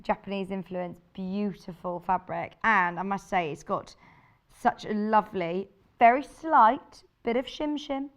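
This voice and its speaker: A woman's voice: medium pitch, a little slow. A woman presenting sewing kits on a live shopping channel, chatty and bubbly, thinking aloud as she shows the fabrics. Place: TV studio.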